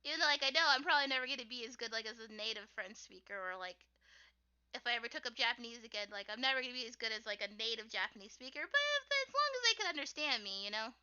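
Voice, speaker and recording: A woman's voice: a little high, lively intonation, racing, sharp tone, clear, resonant tone. A young American woman chatting casually while drawing on a stream, rambling and giggling with lots of fillers. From United States. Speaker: artist streamer. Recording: dull lo-fi stream audio.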